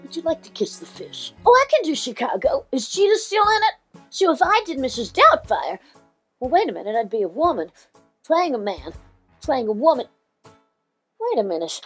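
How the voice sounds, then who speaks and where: A woman voicing a scatterbrained older showbiz diva in a comic impression, talking in an excitable, rambling, gushing way. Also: high-pitched, moderate pace, husky, soft background music, exaggerated voice. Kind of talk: comic celebrity impression monologue.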